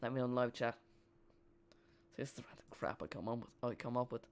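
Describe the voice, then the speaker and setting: Guy doing a live footy watch-along, rambly and jokey, nice smooth clean voice. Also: medium pitch, steady tone, fast talker.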